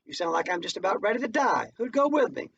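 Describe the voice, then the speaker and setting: A man voicing a devout, weary older mother who speaks in a slow, folksy dialect. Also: high-pitched, animated, gravelly, fairly bright tone, husky, voice pushed up, exaggerated voice. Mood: stern. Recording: distant muffled home recording, faint noise.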